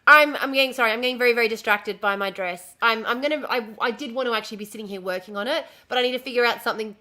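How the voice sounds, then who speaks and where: Chatty bright-voiced woman streaming. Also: a little high, rapid-fire. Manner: chatty, easily distracted, swears casually, frequent restarts. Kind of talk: casual live-stream chat.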